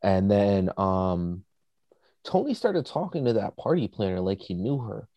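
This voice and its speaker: A man's voice: fairly low pitch, very animated, a little slow, warm tone, dry recording. A man casually chatting as a podcast co-host, rambling with lots of fillers. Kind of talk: casual chat.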